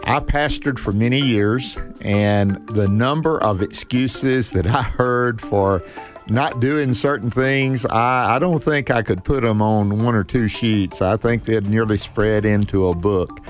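An older man hosting a faith talk show in a folksy, unhurried, preacherly way. He restarts his sentences, repeating words as he goes. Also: fairly low pitch, soft background music. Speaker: host. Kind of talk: casual chat.

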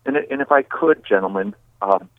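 A man's voice: lowish voice, lively intonation, moderate pace, no room sound. A man calling in as a guest, talking in an emphatic, preaching way that builds to bold declarations. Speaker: call-in guest. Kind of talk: phone-in discussion, preaching. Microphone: phone. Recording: tinny phone line.

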